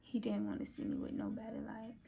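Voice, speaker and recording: Young woman vlogger, casual storytime, raspy fry-heavy voice, swings up and down a lot, half-whispers asides. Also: a little high, very animated, brisk, dark tone, faint music behind. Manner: chatty, filler-heavy, often drops to a half-whisper.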